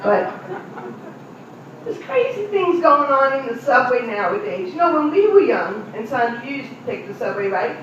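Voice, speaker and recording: A woman's voice: sits high, very animated, moderate pace, slight background noise. A middle-aged woman doing a stand-up comedy routine, chatting directly with audience members in a live venue. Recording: distant, echoey, muffled room recording.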